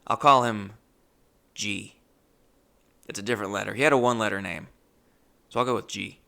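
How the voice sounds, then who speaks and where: A man with a gravelly, creaky voice tells a comic story in an animated monologue. His tone is bright and forceful. He talks in a profane, exasperated way. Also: on the low side, normal speed. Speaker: comedian.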